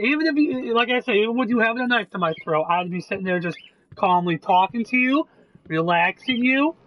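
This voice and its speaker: High-voiced man talking earnestly while gaming. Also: moderate pace, muffled recording. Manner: earnest, reassuring, heavy swearing. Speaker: gameplay video creator. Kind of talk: casual talk while playing a game.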